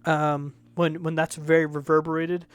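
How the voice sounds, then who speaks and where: A man's voice: on the high side, little pitch movement, moderate pace, smooth, soft background music. A man reviewing songs in casual commentary, rambling and correcting himself, with the odd swear word. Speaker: music reviewer.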